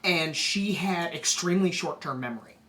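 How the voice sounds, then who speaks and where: A woman running a tabletop game on a live stream, chatty and quick to laugh. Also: on the low side, animated, fairly bright tone. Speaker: game master.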